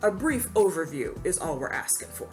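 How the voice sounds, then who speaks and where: A woman's voice: sits low, sing-song, brisk, darkish tone, soft background music. A woman giving earnest, emphatic opinion commentary to camera, now and then quoting others in a mocking voice. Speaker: commentary YouTuber.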